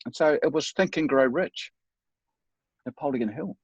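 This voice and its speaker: A man's voice: on the high side, a little slow, husky, no room sound, lo-fi sound. A middle-aged man speaking as a guest, telling his life story in an earnest, reflective, self-deprecating way. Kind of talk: personal storytelling in a talk.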